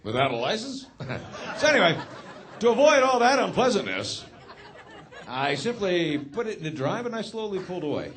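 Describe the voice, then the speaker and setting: A man doing a stand-up comedy set, telling a story in a deadpan, sardonic way. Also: high-pitched, normal speed, long pauses, a faint crowd, slight background noise.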